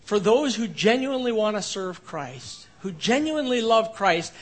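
Male pastor with a high voice, expository preaching, dynamic swings from emphatic to hushed. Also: animated, normal speed. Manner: swings between emphatic rises and quiet low passages. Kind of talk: expository sermon.

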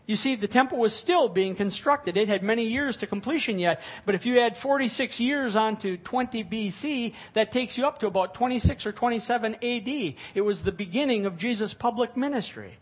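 A man's voice: sits high, brisk, hardly any pauses, husky. A middle-aged male pastor preaching a sermon, reading scripture and explaining it with rising emphasis.

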